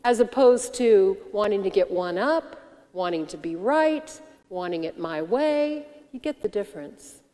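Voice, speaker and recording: A woman minister giving a sermon, teaching gently and reflectively and posing questions to the congregation. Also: medium pitch, lively intonation, a little slow, long reverb tail. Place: church sanctuary.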